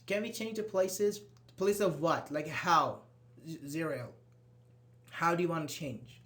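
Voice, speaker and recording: A man's voice: fairly high pitch, a little slow, fairly bright tone. A man teaching an English grammar class, patiently explaining and reading out example sentences, with frequent restarts.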